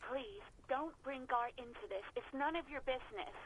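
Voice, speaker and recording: A woman's voice: sits high, moderate pace, husky, poor audio. A woman voicing a nervous young former bar waitress who talks on the phone, apologetic and evasive. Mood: anxious. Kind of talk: video game voice acting.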